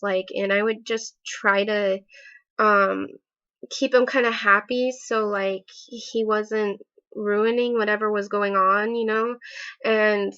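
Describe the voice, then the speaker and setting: A woman talking through a personal story for her vlog, hesitant and restarting often. She fills her sentences with fillers as she goes, her pitch sitting in an ordinary middle range. The audio is slightly dull and lo-fi. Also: fairly bright tone. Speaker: vlogger.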